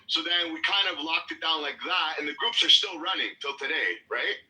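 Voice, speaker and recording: A man telling a long story in casual podcast chat, animated and swearing freely, acting out what people said. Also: on the high side, moderate pace, rough recording. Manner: animated, swears a lot, acts out quotes.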